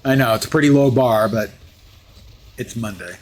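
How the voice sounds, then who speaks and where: A man's voice: mid-range voice, moderate pace, slight background noise. A man live-streaming a game, chatting in a rambling, self-deprecating way. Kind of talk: live gameplay commentary.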